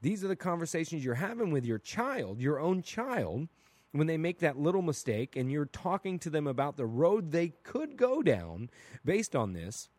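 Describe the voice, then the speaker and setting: Blunt, animated man in a dry-sounding podcast. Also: a little high, normal speed, dry recording. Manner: animated, rhetorical, keeps asking "right?"; casual and blunt, with mild swearing. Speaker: podcast host. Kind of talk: opinionated solo podcast monologue.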